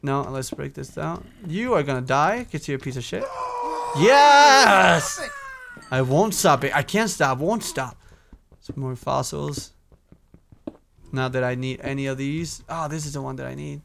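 During a casual Minecraft let's play, a young gaming YouTuber chats to himself, hums and swears as he plays. His mid-range voice is creaky and a bit bright at a moderate pace, with a little hiss or hum in the recording.

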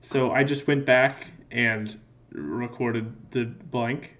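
A man's voice: mid-range voice, fairly even intonation, slow, fairly bright tone, lo-fi sound. A man giving joking let's-play commentary in a playful, goofy way, answering in mock meows. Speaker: gaming video creator.

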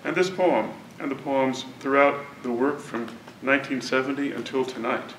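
A man delivers a measured, deliberate academic introduction in a university lecture hall. He sits back from the microphone, and the room's echo hangs around his words. A faint rumble runs underneath. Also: a bit bright, recorded from a distance. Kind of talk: prepared literary introduction.

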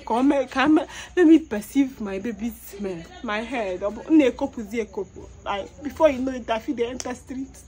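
A woman's voice: on the high side, fairly quick, hardly any pauses, a little mellow. A woman with a Nigerian accent, crying as she desperately begs and repeats herself in a public appeal. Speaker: mother pleading publicly.

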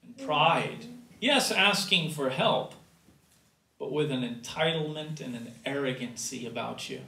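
Man, preaching, slow, emphatic rises and quiet drops, roomy church sound. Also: mid-range voice, recorded from a distance. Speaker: pastor. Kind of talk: sermon. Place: church sanctuary.

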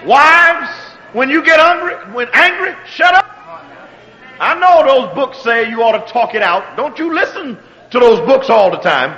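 High-voiced preacher calling out to the congregation. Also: male voice, animated, long reverb tail, poor audio. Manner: call-and-response preaching, asks if the congregation is still with him; swings between quiet, drawn-out phrases and shouted exhortations. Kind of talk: sermon.

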